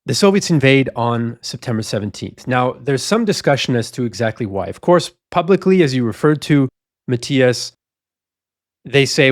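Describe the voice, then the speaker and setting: Co-hosting a history podcast, this man explains at length, laying out background context as the discussion goes on. His medium-pitched voice has lively intonation at normal speed, captured in studio quality without echo.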